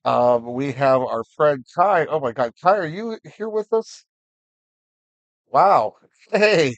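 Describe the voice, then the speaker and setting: A man's voice: fairly high pitch, lively intonation, takes it slowly, no room sound, muffled recording. A man hosting a live stream, talking casually and encouragingly with lots of fillers. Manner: encouraging, rambling with many fillers. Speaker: livestream host.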